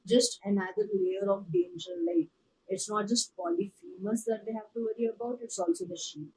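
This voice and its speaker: A woman hosting a book reaction, who reads passages aloud and chats about them in an animated way. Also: medium pitch, normal speed, husky. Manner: animated, chatty, says like and girl. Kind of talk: casual reading and reaction. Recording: distant mic with faint background noise.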